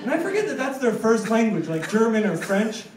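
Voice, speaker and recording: A young American man performing a rambling, animated stand-up set, acting out voices in his stories. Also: high-pitched, brisk, crowd noise. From United States. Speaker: stand-up comedian. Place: comedy club stage. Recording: roomy, distant live club recording with noise. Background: audience laughter.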